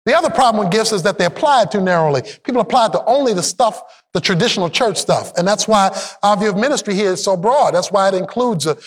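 A pastor with a high, lively voice delivers an emphatic sermon, rising into shouts and dropping into low asides. Using call-and-response, he has the congregation repeat his lines to their neighbors.

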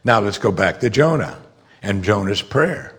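A man delivering a sermon in a conversational way, his voice a little husky. He explains passages patiently, then climbs high in pitch when he presses a point hard. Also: lively intonation, measured pace, fairly bright tone. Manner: conversational preaching, rises sharply when emphatic. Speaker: pastor.

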